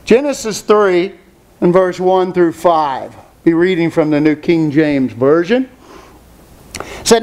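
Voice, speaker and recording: A man's voice: sits high, animated, slow pace, darkish tone. A man preaching a sermon, who speaks emphatically, asks rhetorical questions and repeats phrases.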